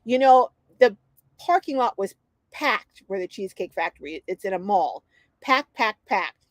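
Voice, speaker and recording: A middle-aged woman hosting a livestream, telling a story in a lively, chatty way, acting out quotes and reading viewer comments. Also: mid-range voice, unhurried, no room sound. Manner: animated storyteller, acts out quotes, laughs often. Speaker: host of a livestream.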